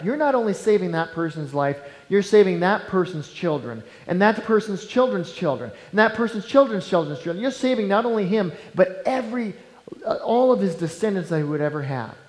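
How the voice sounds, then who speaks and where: A male pastor preaching a sermon, swinging between loud emphatic lines and hushed near-whispers. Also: sits high, lively intonation, normal speed, in a large hall, rough recording.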